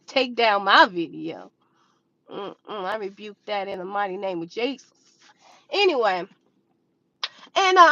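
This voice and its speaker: Animated, high-voiced young woman vlogger. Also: dry recording. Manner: animated, dramatic, acts out her own reactions. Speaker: vlogger sharing stock trading experience. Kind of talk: casual storytelling to camera. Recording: slightly dull, dry recording.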